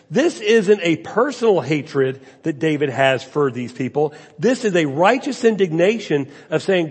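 A man's voice: on the high side, lively intonation, measured pace, a little mellow, breathy edge. A man preaching a sermon as a pastor, with rhetorical questions and emphasis that rises and falls. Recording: long hall reverb.

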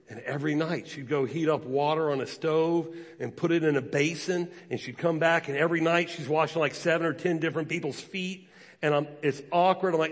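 A man's voice: fairly high pitch, brisk. A man preaching a sermon as a pastor, telling stories with acted quotes. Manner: storytelling with acted quotes, animated. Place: church sanctuary. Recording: long reverb of a large hall.

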